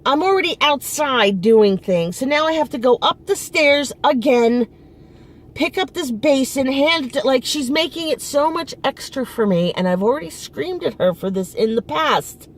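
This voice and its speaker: A woman's voice: sits high, animated, moderate pace. A middle-aged woman vlogging outdoors in front of her apartment, venting with frustration and emphasis and often restarting her sentences. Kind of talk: casual personal venting.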